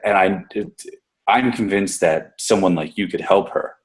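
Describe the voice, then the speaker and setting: Man, deep voice, gym coach, casual swearing, lots of false starts. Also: moderate pace. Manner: rambling, profane, many restarts. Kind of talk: casual podcast discussion.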